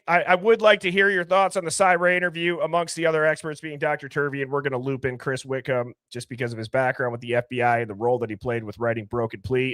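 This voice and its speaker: A man's voice: fairly high pitch, dry recording, clean studio sound. A man hosting a live call-in stream, greeting viewers by name in a playful, chatty way. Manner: rapid shout-outs, playful and chatty. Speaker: live call-in show host. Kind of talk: casual live-stream chat.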